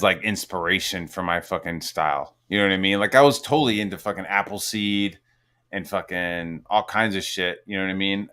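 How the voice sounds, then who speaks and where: A man's voice: sits low, bright, forceful tone, clear, resonant tone. A man in his forties hosting a podcast, telling a long rambling story full of swearing and "like" fillers, acting out what others said. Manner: profane, rambling, heavy on "like" fillers, acts out quotes. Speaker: podcast host. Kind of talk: casual chat, storytelling.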